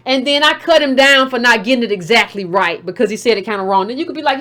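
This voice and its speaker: Blunt high-voiced woman host. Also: expressive, brisk, few pauses, a bit bright. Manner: blunt, combative, repeats herself to hold the floor. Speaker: show host taking calls. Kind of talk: heated call-in show commentary.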